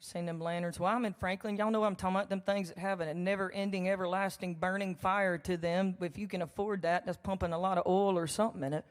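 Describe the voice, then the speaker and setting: Speaking fast with few pauses and fairly even intonation, a fairly low-pitched woman songwriter tells a chatty, joking story between songs. She laughs and makes folksy asides to the live audience in a large church hall, whose long reverb is clearly audible.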